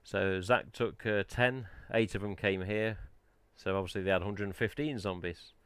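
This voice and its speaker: A man's voice: on the low side, moderate pace, smooth, no echo. A man hosting a casual live stream, chatting in a rambling way and answering the chat. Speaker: livestream host.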